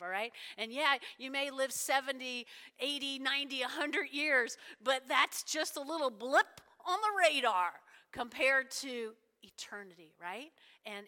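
Animated woman preaching in an echoing hall. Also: fairly high pitch, smooth. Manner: animated, keeps asking "all right?" and "right?". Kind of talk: sermon. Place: church sanctuary. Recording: long hall reverb.

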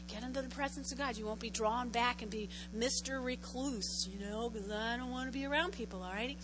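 Woman pastor, high bright voice, chatty sermon with repeated phrases and "okay?" asides. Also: slight background noise, rough recording. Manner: conversational, repeats phrases, frequent "okay?" check-ins; shifts from loud prayer to soft invitation. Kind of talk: sermon with altar call. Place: church.

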